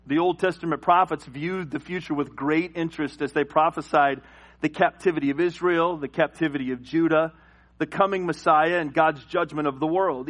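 High-voiced animated preacher man. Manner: animated storyteller who acts out voices. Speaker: pastor. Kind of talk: sermon with personal storytelling. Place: church.

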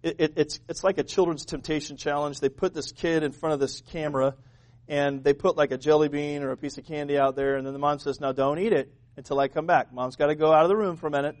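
A man preaching a sermon as pastor, animated and joking, asking the congregation questions. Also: on the high side.

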